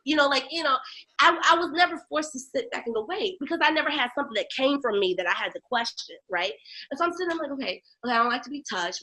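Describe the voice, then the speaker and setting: Bright-voiced woman telling her story. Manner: animated, acts out voices of others, shifts to low quiet tones on painful memories. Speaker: guest, lactation educator. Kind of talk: candid personal storytelling in an interview.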